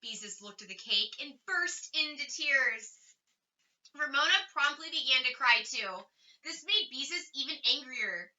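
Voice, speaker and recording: A woman reading a children's chapter book aloud with expressive, varied emphasis. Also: high voice, unhurried. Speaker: reader. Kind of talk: storybook read-aloud. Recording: slightly distant dull lo-fi recording.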